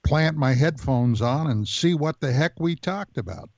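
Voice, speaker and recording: A man's voice: on the high side, lively intonation, measured pace, darkish tone, no echo. A man hosting a podcast, talking in an easygoing, hesitant way. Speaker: podcast host. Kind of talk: conversational podcast talk. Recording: dull lo-fi sound.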